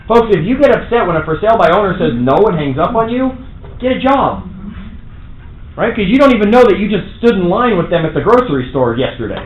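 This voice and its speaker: A man's voice: high-pitched, sing-song, fast, muffled recording. A man with a New York accent giving a brash, punchy seminar talk to a live audience, acting out his own sales calls. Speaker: real estate trainer. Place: large meeting room. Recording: echoey room, faint noise.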